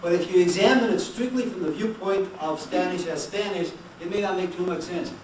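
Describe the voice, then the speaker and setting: A man giving a classroom language lecture, animated and quizzing his students, who repeat words after him. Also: high voice, a little fast. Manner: animated, asks the class questions and has them repeat. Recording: echoey room, mic far off, noisy.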